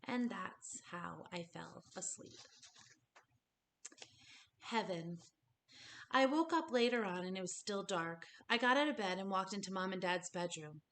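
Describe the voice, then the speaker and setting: A woman actor reading a children's novel aloud in a gentle, expressive storybook manner. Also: medium pitch. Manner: gentle, expressive, slowing on tender moments.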